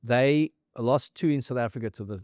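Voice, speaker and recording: A man's voice: mid-range voice, moderate pace, darkish tone, no room sound. Rugby podcast host: man with a mid-range voice, dry close recording, fact-heavy storytelling full of scores. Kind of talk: casual rugby chat.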